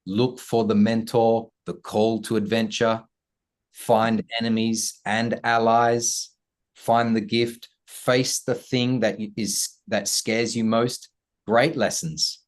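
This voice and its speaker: A man with a fairly low voice talks through ideas on an interview. He sounds earnest and reflective, slipping into playful humour now and then. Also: level tone, slow pace. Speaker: guest, self-worth coach. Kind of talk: conversational interview.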